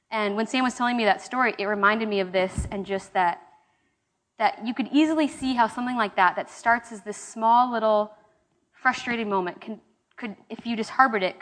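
A woman's voice: mid-range voice, fairly bright tone. A young woman giving a casual, conversational Bible study talk, with fillers and restarts. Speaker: small-group Bible study leader. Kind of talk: casual sermon teaching.

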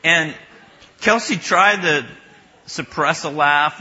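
A man giving a conversational sermon as pastor, halting and chatty, joking back and forth with his audience. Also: a little high, background noise. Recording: muffled lo-fi recording.

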